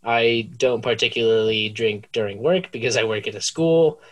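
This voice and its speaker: A man co-hosting a casual podcast, reviewing a beer in a dry, deliberate, self-mocking way. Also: medium pitch. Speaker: podcast co-host.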